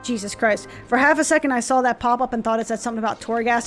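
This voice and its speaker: A woman streamer with a high voice, playing a game and reading its dialogue aloud between sarcastic asides. She talks playfully and swears freely. Faint music runs underneath. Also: very fast, few pauses.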